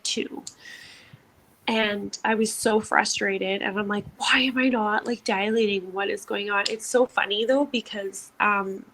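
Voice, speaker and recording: A woman's voice: mid-range voice, fairly bright tone, poor audio. A young woman co-hosting a podcast, telling a personal story in a chatty way, full of "like" and acted-out quotes. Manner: chatty, lots of "like", acts out quotes. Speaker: podcast co-host. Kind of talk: casual storytelling.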